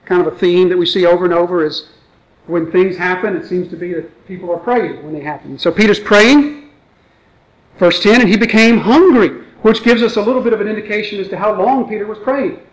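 High-pitched and brisk, a pastor reads scripture aloud and then explains it conversationally with rhetorical questions in an expository sermon. The recording is rough.

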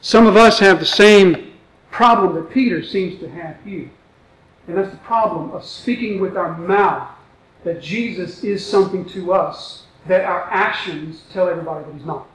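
A man's voice: high voice, normal speed, a bit bright, low-quality recording. A man preaching a sermon, reading scripture aloud and then explaining it in a conversational way with rhetorical questions. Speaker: pastor. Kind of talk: expository sermon.

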